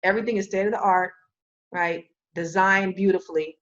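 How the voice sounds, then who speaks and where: On a podcast, a female guest tells a story in a loose, lively manner, performing the voices of the people she quotes. Her voice sits in the middle range, she speaks fairly quickly, and the sound quality is lo-fi.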